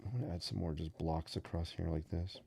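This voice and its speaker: Low gravelly man chatting while sketching. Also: fairly quick, dark tone, slight background noise. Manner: chatty, rambling, self-joking asides. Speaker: livestream host teaching sketching. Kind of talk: casual live-stream chat while drawing.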